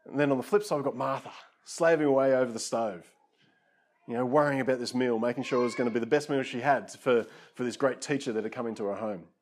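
A man's voice: medium pitch, quick pace. A man preaching a conversational sermon, casual and self-deprecating, with frequent asides to his listeners.

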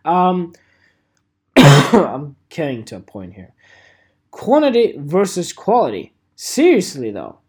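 A man's voice: on the high side, huge pitch swings, slow pace, long pauses, a little mellow, breathy edge. A man in his twenties hosting a solo podcast, rambling in a joking, self-mocking way with fillers and swearing. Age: 20s. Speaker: podcast host.

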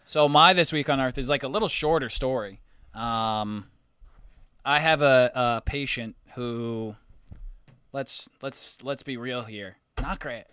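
A man in casual podcast chat, teasing his co-host with quick banter. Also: medium pitch, bright, forceful tone, smooth, no room sound, studio quality.

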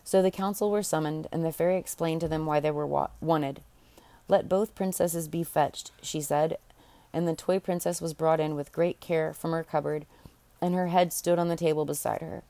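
A woman's voice: deep voice, fairly even intonation, a little fast, dark tone, no room sound. A woman reading a fairy tale aloud in an unpolished way, stopping to restart and correct herself. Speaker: audiobook reader. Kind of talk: storybook narration.

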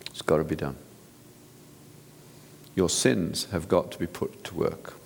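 A man's voice: low-pitched, fairly even intonation, measured pace, gravelly, big-room sound, slight background noise. A man, a physician, giving an earnest, direct sermon-style talk to an audience, often restarting his sentences. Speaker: physician speaker.

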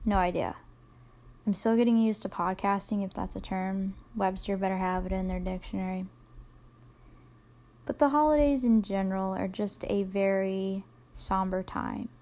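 Young woman podcasting solo, rambly and self-deprecating, lots of ums, mid pitch. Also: fairly even intonation, normal speed, a little mellow. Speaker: podcast host. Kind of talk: casual solo podcast monologue.

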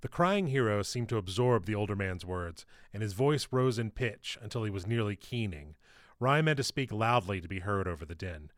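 Low-voiced man narrating a story. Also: lively intonation, moderate pace, dry recording, studio quality. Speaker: author reading his novel. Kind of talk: audiobook narration.

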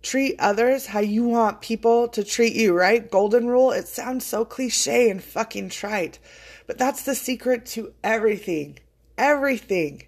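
A woman's voice: fairly high pitch, measured pace. An earnest woman speaks straight to her listeners in a loose, motivational monologue. She is choked up with emotion, yet she stays heartfelt and drops casual swear words as she talks. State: choking up with emotion. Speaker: podcast host.

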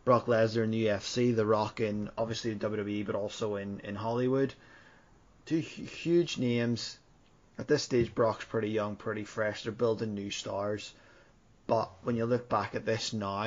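Male co-host, low and flat delivery, measured review talk, muffled sound. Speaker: podcast co-host. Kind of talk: casual wrestling podcast review.

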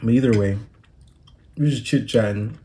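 A young man talks in a loose, rambling way, full of slang, like he is just chatting with a friend. His voice sits low and mellow. The sound is picked up on a phone. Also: moderate pace. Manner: laid-back, rambling slang-heavy storytelling. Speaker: podcast host. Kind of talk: casual solo monologue. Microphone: phone recording.

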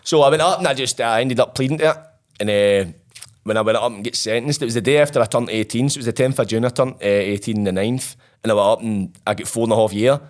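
A man's voice: mid-range voice, fast. A Scottish man telling his own story as an interview guest, blunt and profane, acting out old conversations.

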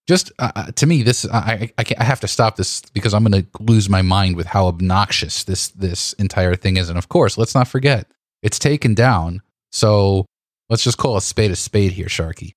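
A man co-hosting a casual photography podcast, animated and indignant, tripping over his restarts. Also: fairly low pitch, moderate pace, no echo, clean studio sound. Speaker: podcast co-host.

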